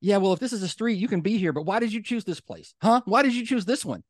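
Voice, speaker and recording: A man's voice: high-pitched, very animated, fast, no room sound, studio quality, pitched above the performer's own voice. A man mimicking an irate male neighbor in his early sixties, scolding passersby in a raised, indignant voice.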